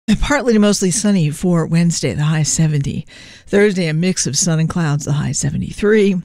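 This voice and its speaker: Smooth-voiced woman radio DJ with a cough. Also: fairly low pitch, no room sound, clean studio sound. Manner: relaxed, chatty, with small stumbles. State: fighting a cough. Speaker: radio DJ and host. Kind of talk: casual radio announcing. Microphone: studio microphone.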